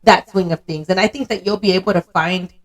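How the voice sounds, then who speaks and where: A woman's voice: fairly low pitch, fairly even intonation, brisk. A young woman hosting a podcast, chatting candidly and laughing easily, with frequent swearing. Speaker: podcast host. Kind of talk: casual chat.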